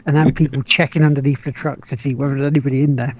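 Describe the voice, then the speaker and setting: A man's voice: medium pitch, level tone, fast talker, noisy background. A man co-hosting a gaming podcast, rambling in casual chat. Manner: rambling, chuckling. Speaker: podcast co-host. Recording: dull lo-fi mic.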